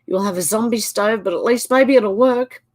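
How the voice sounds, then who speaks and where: A woman's voice: on the high side, moderate pace. An Australian woman hosting a casual live stream, reading viewers' comments aloud and reacting to each one. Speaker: channel host.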